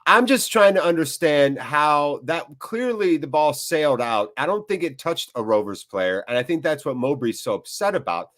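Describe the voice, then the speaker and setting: A man's voice: fairly high pitch, animated, moderate pace, few pauses, fairly bright tone. A chatty man hosts a live football watchalong. He mixes play-by-play reactions with casual banter. He keeps a playful, friendly tone and answers viewers in the chat by name. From United States. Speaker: host of a fan channel.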